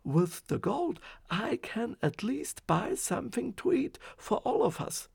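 A man voicing a poor, unlucky middle-aged man who complains loudly in a raised voice. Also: sits high, sing-song, measured pace, vocal fry, husky, no echo, pitched above the performer's own voice, heavily acted. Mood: relieved. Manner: loud, complaining.

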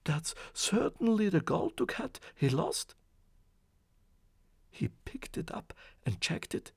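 A man narrating a fairy tale in a slow, expressive reading. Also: sits high, breathy edge, no echo, studio quality. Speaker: storyteller. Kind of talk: storybook narration.

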